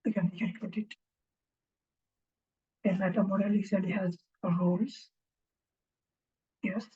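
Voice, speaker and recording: A woman giving an informal recorded lecture as instructor, speaking haltingly and thinking aloud, often checking in with a questioning "right?". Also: medium pitch, steady tone, mellow, husky. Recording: dull lo-fi recording.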